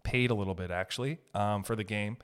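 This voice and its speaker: A man hosting a solo podcast, telling stories in an animated, profane way and laughing as he talks. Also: on the low side, fairly quick, clean tone. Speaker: podcast host.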